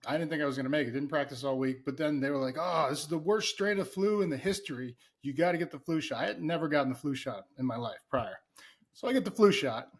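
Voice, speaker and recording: A man co-hosting a podcast, a former football player telling profane, animated stories in casual chat. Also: a little high, fast talker.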